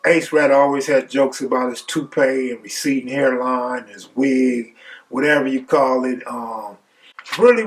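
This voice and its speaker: A man's voice: medium pitch, far from the mic. A man casually telling a personal story in profane, laid-back street talk.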